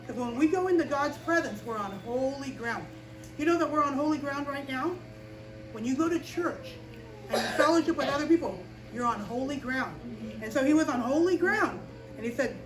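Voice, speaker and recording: A woman teaching children in chapel, telling a Bible story with lively energy and questions to the children. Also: sits high, brisk, soft background music. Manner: animated, asks the children questions. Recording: echoey room from a distance with faint noise.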